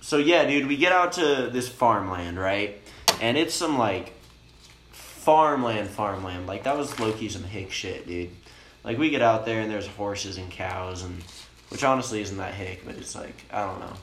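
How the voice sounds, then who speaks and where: A young man, a bit high, telling a long profane story in a rambling, laid-back way inside a camper van. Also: expressive, normal speed, fairly bright tone. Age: young adult. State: high on cannabis. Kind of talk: casual storytelling chat. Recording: roomy with faint noise.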